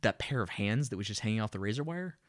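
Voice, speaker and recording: A man's voice: on the low side, expressive, fast talker. Sardonic profane man recapping a movie. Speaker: podcast co-host. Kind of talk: casual movie review chat.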